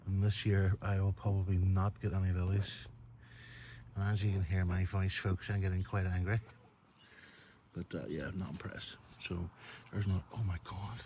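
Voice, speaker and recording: Northern Irish man, lowish voice, chatty garden vlogger on a phone outdoors, faint outdoor noise. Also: flat delivery, moderate pace, dark tone. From Northern Ireland. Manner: chatty, keeps addressing viewers as folks. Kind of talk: casual walk-through garden tour. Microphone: phone camera held while walking.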